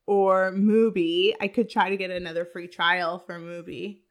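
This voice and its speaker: A woman's voice: fairly low pitch, little pitch movement, a little slow. A woman co-hosting a film podcast, bantering and laughing often. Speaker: podcast co-host. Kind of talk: casual chat.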